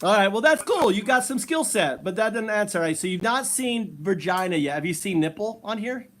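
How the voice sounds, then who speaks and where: A man with a high voice hosts a casual live stream, bantering with strangers in a playful, teasing way. He laughs readily. He talks into a webcam mic, with a faint background hiss. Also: lively intonation, a little fast, fairly bright tone.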